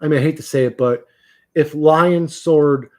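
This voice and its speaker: A man's voice: on the high side, moderate pace. A man hosting a livestream, talking bluntly and profanely in a rambling, casual way with frequent restarts. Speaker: livestream host.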